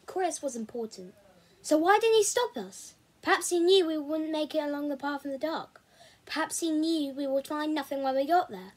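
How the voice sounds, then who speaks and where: A woman reading a novel aloud chapter by chapter, in a steady, measured storybook way. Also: sits high, rough recording. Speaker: reader.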